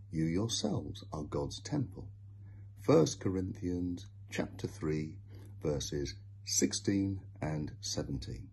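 A man slowly and expressively reading a children's devotional story and Bible verses aloud. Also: deep voice, creaky, dark tone, husky.

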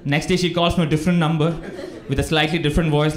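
A man's voice: sits high, quick pace. A young man from India doing a live stand-up set, who laughs through his jokes and acts out his phone calls. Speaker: stand-up comedian. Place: comedy club stage with a live audience. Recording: echoey club room, loud crowd laughter.

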